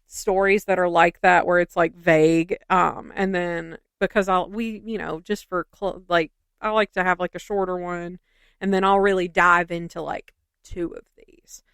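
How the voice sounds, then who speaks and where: A woman's voice: fairly low pitch, normal speed, gravelly, clean tone, dry recording. Chatty skeptical woman podcast host. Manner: skeptical, chatty, animated rambling. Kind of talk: casual podcast chat and story reading.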